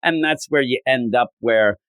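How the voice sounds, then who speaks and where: In a clear, resonant voice at normal speed, a podcast host casually walks through a comic, voicing characters' lines with dramatic pitch jumps. The recording is dry.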